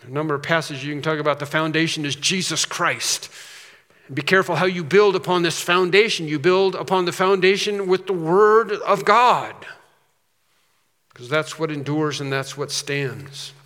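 A man's voice: a little high, moderate pace, fairly bright tone. A man preaching a sermon as pastor, emphatic, repeating phrases and rising on key points. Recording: reverberant hall.

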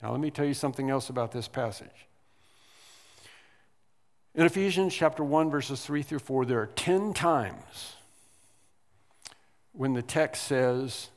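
A man preaching an expository sermon as pastor, speaking deliberately and leaning hard on single words for emphasis. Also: on the high side, expressive, big-room sound. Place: church sanctuary.

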